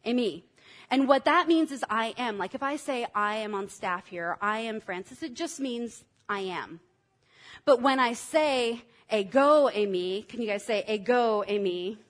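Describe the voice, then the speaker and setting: A woman's voice: on the high side, moderate pace, fairly bright tone. A woman preaching a sermon in an enthusiastic, teacherly way, drawing the congregation in to repeat words after her. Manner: enthusiastic, teacherly, engages the audience.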